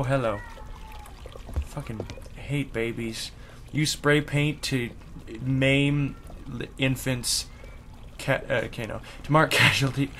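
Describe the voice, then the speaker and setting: A young man commenting on a horror game he plays in his room, easily startled and swearing, yelling at noises. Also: mid-range voice, a little slow, slight background noise. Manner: jumpy and profane, yelling at loud noises. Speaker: gaming let's play host. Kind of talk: let's play commentary. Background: game music.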